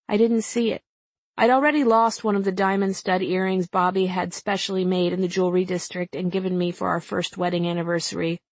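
A woman's voice: on the low side, dry recording. A woman in her thirties narrating her memoir as an audiobook, wry and conversational.

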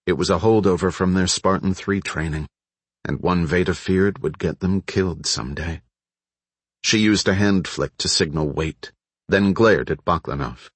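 Low, husky-voiced male narrator. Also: moderate pace, no echo. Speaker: audiobook narrator. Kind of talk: scripted narration.

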